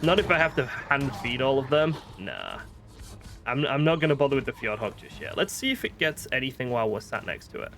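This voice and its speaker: This streamer's mid-range voice is sing-song, a bit bright, and fairly quick, with soft music underneath. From northern Britain and with the accent to match, he chats through his gameplay, thinking out loud and making fun of himself.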